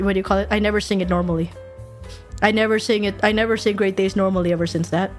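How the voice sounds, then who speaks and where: Excitable, foul-mouthed woman streamer. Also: medium pitch. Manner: excitable, swears freely, giggly. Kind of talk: casual stream chat.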